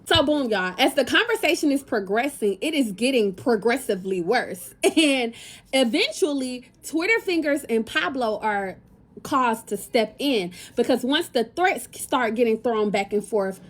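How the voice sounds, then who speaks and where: High-voiced young woman telling a story. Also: expressive, a little slow. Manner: chatty, talks straight to viewers with slang. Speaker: lifestyle content creator. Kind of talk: casual storytime vlog.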